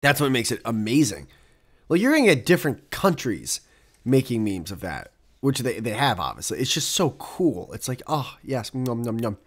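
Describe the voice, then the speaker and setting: Animated young man ranting casually. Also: medium pitch, normal speed, breathy edge. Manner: rambling, profane, laughs often, rants with rising exasperation. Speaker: podcast host. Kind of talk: casual solo chat.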